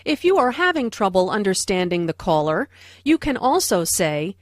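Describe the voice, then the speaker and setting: A woman narrating language notes for an English lesson, speaking slowly and clearly. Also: mid-range voice, sing-song, no echo, clean studio sound. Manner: slow, clear teaching delivery. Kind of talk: scripted narration.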